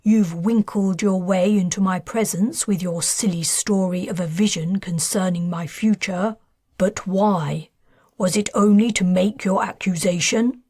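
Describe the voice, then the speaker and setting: A woman voicing a smooth, scheming man of high society who bargains in clipped lines, in an audiobook. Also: measured pace, mellow, dry recording, clean studio sound. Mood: bargaining.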